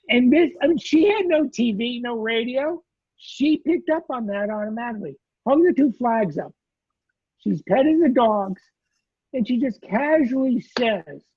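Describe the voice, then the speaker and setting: A man recounting a personal memory as a survivor, lively and acting out the lines he quotes. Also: sits high, moderate pace, slightly rough, no echo. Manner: animated storyteller, acts out quoted lines. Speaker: survivor telling his story. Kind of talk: personal storytelling in a conversation. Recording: tinny phone-like line.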